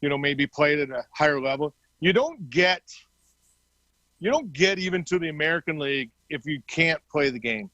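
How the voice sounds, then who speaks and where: Fifties guy telling stories in an interview, voice a bit high, acts out the lines, dry sound. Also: moderate pace, no echo, muffled recording. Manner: animated storyteller acting out quoted dialogue. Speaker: interview guest, former hockey player. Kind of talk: casual storytelling.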